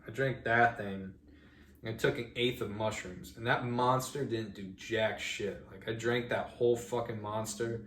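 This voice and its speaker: Young dude podcast host, rambling and swearing a lot, kinda echoey room. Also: male voice, lowish voice, a little hiss or hum. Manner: rambling, profane, lots of "like". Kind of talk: casual chat, storytelling. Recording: roomy echo.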